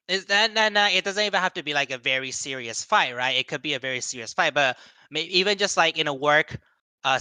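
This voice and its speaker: A man's voice: a little high, bright, forceful tone, smooth, no room sound. A young man giving a casual seminar talk to young people, rambling with many fillers and restarts and acting out quoted voices. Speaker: seminar speaker.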